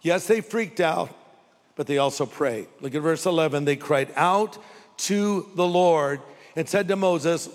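A pastor preaching a sermon, with dramatic pauses and rhetorical questions. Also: male voice, a little high, expressive. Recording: long hall reverb.

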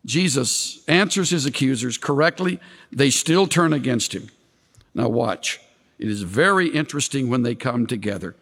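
A male preacher giving an expository sermon, animated, with dramatic swings of voice when he quotes. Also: normal speed, big-room sound. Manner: animated, dramatic shifts in pitch when quoting.

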